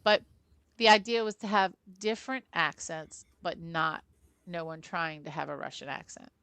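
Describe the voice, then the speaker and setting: A woman co-hosting a film discussion who explains her views at length and with conviction. Her voice is lowish for a woman and recorded close and dry. She talks in a casual, conversational way. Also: steady tone, normal speed, a bit bright, smooth, no echo. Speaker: film podcast co-host. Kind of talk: casual chat.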